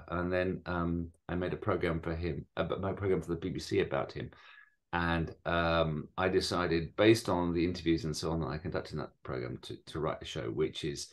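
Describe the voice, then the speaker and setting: A middle-aged man from Britain, a musical comedian answering interview questions in a reflective way with small restarts. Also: very deep voice.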